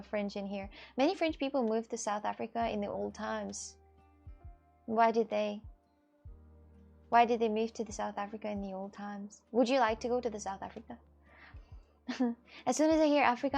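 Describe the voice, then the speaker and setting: Chatty woman with a gravelly edge, music behind. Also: on the high side, a little mellow. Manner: halting, many fillers and restarts. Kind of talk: casual chat reading viewer messages.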